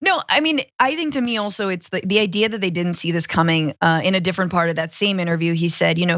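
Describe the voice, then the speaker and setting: A woman's voice: medium pitch, brisk, hardly any pauses, no echo, lo-fi sound. A woman co-hosting a political commentary show, talking in a sarcastic, jokey way. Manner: sarcastic, jokey, animated when mocking. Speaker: co-host.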